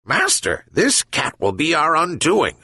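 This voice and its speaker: A man's voice: fairly high pitch, huge pitch swings, measured pace, bright, forceful tone, husky, no room sound, voice pushed up, exaggerated voice. A man doing a loyal yelping dog. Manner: yelping, barking. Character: loyal excitable male dog.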